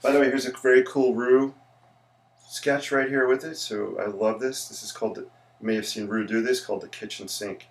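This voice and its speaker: The architect and teacher sketches while chatting on his livestream, saying hello to viewers and drifting into rambling side comments. His voice is medium in pitch and level in tone, and he talks fairly quickly.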